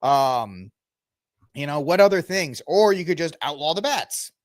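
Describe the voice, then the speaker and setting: A man's voice: on the high side, expressive, measured pace, dry recording, clean studio sound. A man hosting his own podcast, chatting casually and rambling through sports and movie talk while he looks things up. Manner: chatty, rambling, talks to the audience while browsing the web. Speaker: podcast host. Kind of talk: casual solo commentary.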